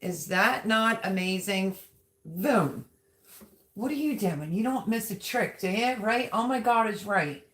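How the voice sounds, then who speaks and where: A woman's voice: mid-range voice, expressive, measured pace, fairly bright tone. A woman hosting a casual livestream, chatty and gushing as she reads out viewer comments. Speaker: livestream host.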